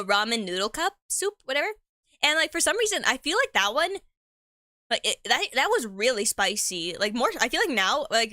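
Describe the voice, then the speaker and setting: A young woman of Mexican heritage streams while eating, chatting in a rambling way with stumbles, heavy slang, frequent laughter, and the occasional mouthful. Her voice is on the high side, bright, and forceful. The recording has studio quality and no echo.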